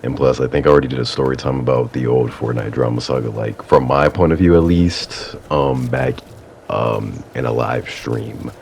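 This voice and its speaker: A young man with an extremely low, gravelly voice tells a casual story time at an unhurried pace. He rambles and fills every gap with fillers, now and then laughing at himself. Faint noise sits under his console mic. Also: a little mellow. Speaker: YouTuber. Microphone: console setup mic.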